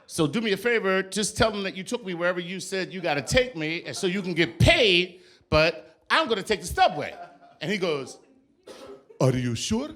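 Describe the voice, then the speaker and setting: A man doing a stand-up comedy set on a club stage, telling a story with lively delivery and mimicking the voices and accents of other people. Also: sits high, a little fast. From New York.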